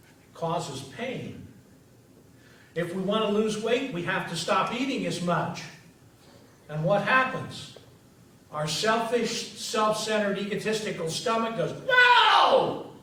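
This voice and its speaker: Pastor with a fairly high voice, storytelling sermon, dramatic pauses, recorded from far back in a very echoey sanctuary. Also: male voice, a bit bright. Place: church sanctuary. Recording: echoey church from a distance.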